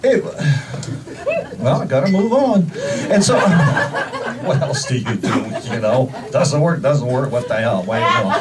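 A man's voice: medium pitch, sing-song, a little slow, over a noisy crowd. A man doing stand-up, telling a rambling story full of self-interruptions and asides. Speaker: stand-up comedian. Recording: distant mic with audience laughter.

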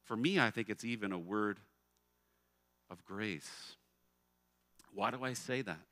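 A male pastor preaching a sermon, expressive and emphatic, often posing rhetorical questions. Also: on the low side, measured pace, dry recording. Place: church.

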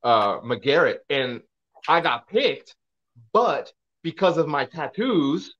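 A man's voice: fairly high pitch, big pitch swings, takes it slowly, fairly bright tone. A man hosting a podcast and chatting casually about his own time in the military. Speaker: podcast host and military veteran. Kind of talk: casual interview chat. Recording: dull, muffled audio.

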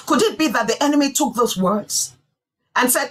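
Woman pastor, sermon delivery, breathy husky tone, emphatic repetition. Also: sits high, lively intonation, normal speed, poor audio. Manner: emphatic preaching with repeated phrases.

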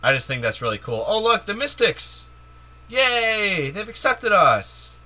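Man for a game let's play: giddy, jokey, unhurried talker with a somewhat high voice. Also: sing-song, pushed and bright. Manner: playful, giddy, jokey, lots of "like" and "yay". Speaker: video game let's player. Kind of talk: casual gameplay commentary.

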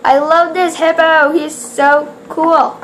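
A woman opening toy blind bags on camera in casual chat, excitable and gasping, who rambles with trailing restarts. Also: high voice, slow, a little hiss or hum. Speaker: toy unboxing vlogger.

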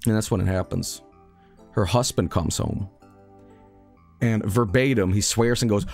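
A man's voice: fairly low pitch, measured pace, gravelly, pauses often, a little mellow, soft background music. A man, a streamer casually telling a rambling, self-mocking story.

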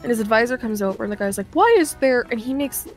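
A woman's voice: a little high, steady tone, rapid-fire, soft background music. A young woman casually telling a long work story, acting out customers' lines and laughing often.

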